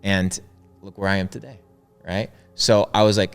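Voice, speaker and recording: A man's voice: deep voice, fairly even intonation, moderate pace, clear, resonant tone, soft background music. A young man talking in an interview, preachy and emphatic, repeating his points for effect. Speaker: guest. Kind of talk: motivational interview talk.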